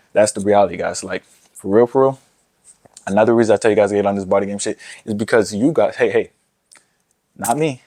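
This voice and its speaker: Fast-talking brash young man. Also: low-pitched, a little mellow, dry recording, studio quality. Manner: brash, profane, repeats himself, acts out quoted voices. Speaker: dating advice commentator. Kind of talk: casual rant to camera.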